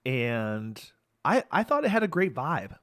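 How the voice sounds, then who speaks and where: A man's voice: mid-range voice, sing-song, measured pace, a bit bright, dry recording, clean studio sound. Playful American man co-hosting a podcast. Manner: enthusiastic, playful storyteller. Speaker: podcast co-host. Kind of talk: casual chat.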